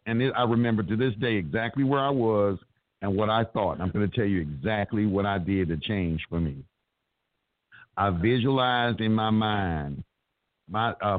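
A lowish-voiced man, interviewed as a guest, tells his story in an animated, profane way, blunt and emphatic and cursing heavily. The recording has no room sound and comes across tinny and dry, like a phone.

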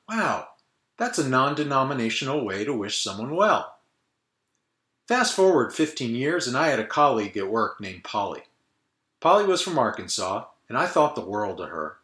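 A man's voice: medium pitch, fairly bright tone. A man in his fifties from the northern United States, hosting a solo podcast rant in a dry, sardonic way. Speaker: podcast host. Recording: roomy echo.

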